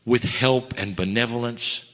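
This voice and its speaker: A man speaks a channeled spiritual message at a middle pitch, unhurried and heartfelt, breaking his thoughts into short phrases. He lifts some lines with emphasis and sinks others to a near hush. His voice carries a long hall reverb. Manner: swings between raised emphatic lines and hushed low ones.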